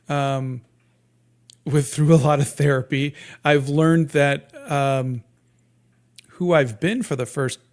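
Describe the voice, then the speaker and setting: A man in his fifties, a guest cartoonist talking casually in an interview, in a soft, sleepy-sounding voice with many halting restarts and fillers. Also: fairly high pitch. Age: 50s.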